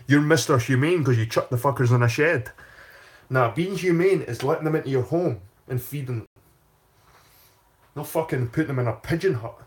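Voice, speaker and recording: Man, husky voice, mid-range pitch, casual livestream rant, swears a lot, rambles and repeats himself. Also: moderate pace. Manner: profane, rambling, repeats phrases. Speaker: channel host.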